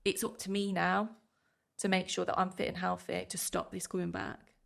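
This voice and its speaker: Earnest gravelly-voiced woman. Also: lowish voice, flat delivery. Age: 30s. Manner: earnest, heartfelt, speaks in rushes of feeling. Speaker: podcast guest. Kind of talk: emotional personal interview.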